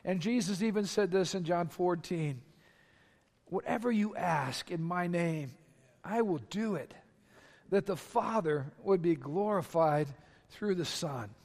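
Male pastor, high voice, emphatic repeating sermon style, long hall reverb. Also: unhurried, a little mellow. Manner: impassioned preaching with emphatic repetition. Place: large church sanctuary.

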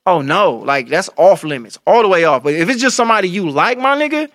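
A young man co-hosting a casual chat, telling loud, animated stories full of crude slang. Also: sits high, a little fast, no room sound, studio quality. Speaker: podcast co-host.

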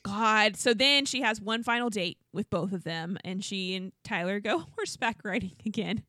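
A woman's voice: mid-range voice, moderate pace, dry recording, studio quality. A woman co-hosting a podcast, chatting casually and acting out what people said in exaggerated voices. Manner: animated, acts out quotes in exaggerated voices. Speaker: podcast co-host. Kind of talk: casual chat recapping reality TV.

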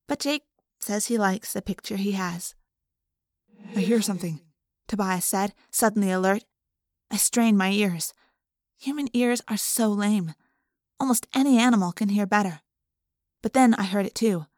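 A woman's voice: mid-range voice, dry recording, clean studio sound. A woman narrating an audiobook in a plain, conversational first-person storytelling way.

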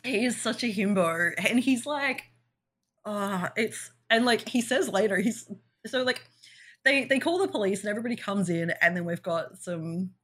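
A woman's voice: mid-range voice, animated, moderate pace, fairly bright tone. A young woman co-hosting a podcast, recapping a show in casual chat with sarcastic asides and frequent laughter. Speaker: podcast co-host.

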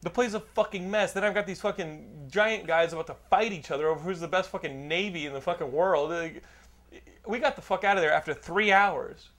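Middle-aged male host, swears constantly, runs on through his story, slightly higher-pitched. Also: brisk, fairly bright tone. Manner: profane, rambling anecdote teller. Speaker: podcast host. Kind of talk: casual storytelling chat.

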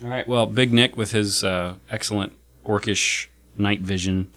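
A man playing a tabletop role-playing game, describing his character's actions in a deliberate way. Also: fairly low pitch, fairly even intonation, a bit bright, dry recording. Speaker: player.

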